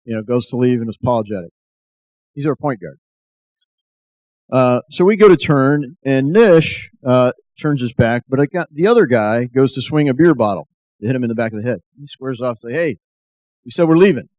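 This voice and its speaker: A man's voice: medium pitch, lively intonation, normal speed, a little mellow, no echo. A middle-aged American man giving an earnest testimony speech that builds to an emphatic call to action. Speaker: speaker.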